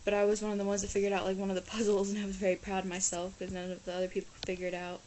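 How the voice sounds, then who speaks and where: A teenage girl from Ohio talks to her camera in a loose, rambling vlog chat, her clear as she piles up "like" and restarts sentences. Her voice sits at an ordinary middle pitch. A faint hiss of noise runs under the recording. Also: monotone, rapid-fire, a little mellow, rough recording. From Ohio, USA. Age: teens. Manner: rambling, chatty, full of "like" and restarts. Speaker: exchange student vlogger. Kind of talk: casual chat.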